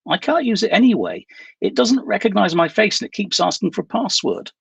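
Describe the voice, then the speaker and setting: A man's voice: high-pitched, huge pitch swings, brisk, creaky, fairly bright tone, slightly rough, no echo, voice pushed up, heavily acted. A man reading a novel aloud voices a wary, cross young woman on the run, with clipped replies.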